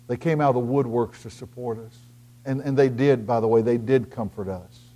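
A middle-aged man preaching a sermon as pastor, swinging between loud emphatic lines and hushed storytelling. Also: mid-range voice, steady tone, normal speed.

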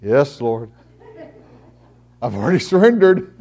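A middle-aged man preaching a sermon as pastor, swinging between loud emphatic lines and hushed storytelling. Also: medium pitch, sing-song, measured pace.

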